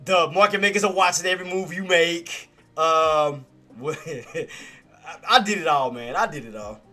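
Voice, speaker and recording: A chatty man talks to his viewers about trading in loose, slangy speech and laughs often. His voice is fairly high for a man and very bright. Faint music plays behind him. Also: a little slow. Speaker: stock trading streamer. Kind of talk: casual talk to viewers.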